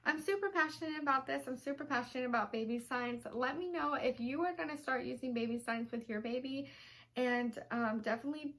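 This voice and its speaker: Chatty young mom gushing to camera. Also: female voice, high-pitched, fairly quick, a bit bright. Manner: chatty and gushing, full of ums. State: emotional, close to tears. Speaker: vlogger mom. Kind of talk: casual talk to camera. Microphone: camera mic, seated.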